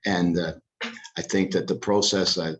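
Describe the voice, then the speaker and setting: A man speaking as a lawyer to a town council, measured and formal, with the odd restart. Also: low-pitched, steady tone, low-quality recording.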